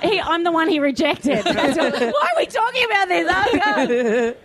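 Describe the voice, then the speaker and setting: A woman's voice: extremely high pitch, very animated, moderate pace, a crowd in the background. A woman guesting on a live comedy show, playing mock-prudish and flustered, giggly. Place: bar stage before a live audience.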